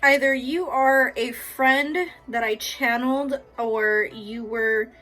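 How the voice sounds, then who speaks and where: A young woman doing a casual tarot reading, swinging from hushed prayers to loud, laughing, swearing outbursts. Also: a little high, slow pace, faint music behind. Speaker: tarot reader.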